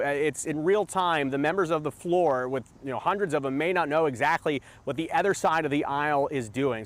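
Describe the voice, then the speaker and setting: A man reporting on location for a local TV news broadcast, measured and conversational. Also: fairly high pitch, fairly bright tone. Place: outdoors near a government building.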